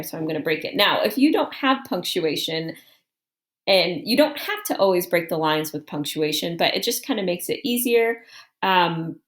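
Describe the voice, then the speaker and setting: A woman teaching a writing lesson, thinking aloud in a calm, explanatory way as she walks through an example on screen. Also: mid-range voice.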